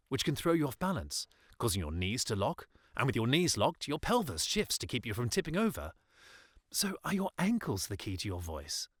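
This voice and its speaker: A man hosting a podcast as a voice coach, delivering a scripted monologue with emphatic, expressive phrasing. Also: medium pitch, no echo, studio quality.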